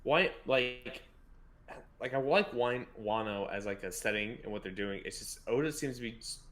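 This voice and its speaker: A man's voice: mid-range voice, moderate pace, a bit bright. A man co-hosting a podcast, laid-back and casual, often agreeing with short fillers. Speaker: podcast co-host. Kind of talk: casual chat.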